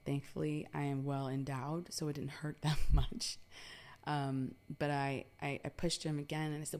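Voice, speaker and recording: A woman from New York recounts a story in loose, chatty talk. Her voice is very low and mellow. She peppers her speech with fillers and swears freely. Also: fairly even intonation, normal speed. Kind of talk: casual personal storytelling.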